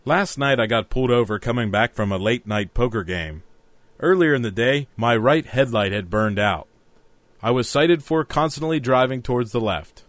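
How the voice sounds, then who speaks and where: A man hosting a scripted comedy podcast, delivering one-liners deadpan. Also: medium pitch, normal speed, no room sound. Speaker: podcast host.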